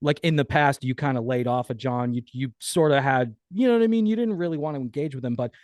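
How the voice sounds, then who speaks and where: A man's voice: medium pitch, fast talker, a little mellow, no room sound, studio quality. A man hosting an interview, reacting to the story and asking pointed follow-up questions. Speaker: interview host. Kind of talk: casual interview.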